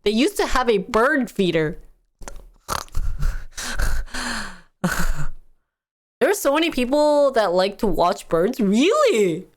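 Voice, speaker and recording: Chatty woman streamer, talks slow and easy, laughs at the chat. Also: fairly high pitch, sing-song. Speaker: live streamer. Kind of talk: casual live-stream commentary.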